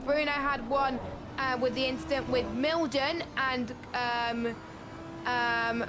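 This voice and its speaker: A woman's voice: high-pitched, noisy background. A woman co-commentating on an online sim racing league, chatty and a bit hesitant.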